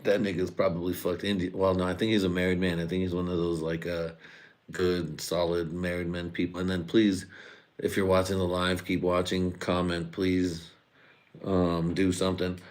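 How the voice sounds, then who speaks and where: A man's voice: sits low, monotone, moderate pace. A man rambling through a profane live-stream comedy monologue, slipping into mock voices and laughing at his own jokes.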